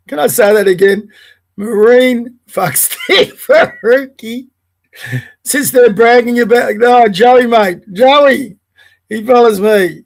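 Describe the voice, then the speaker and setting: A man hosting a livestream podcast, talking casually and bluntly as he reads and reacts to social media posts. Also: high-pitched. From Australia. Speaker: podcast host.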